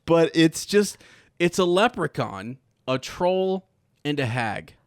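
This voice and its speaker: A man's voice: a little high, animated, slow pace, no room sound, studio quality. A man co-hosting a casual podcast chat, reading jokes aloud, laughing often and stumbling over words. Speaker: podcast co-host.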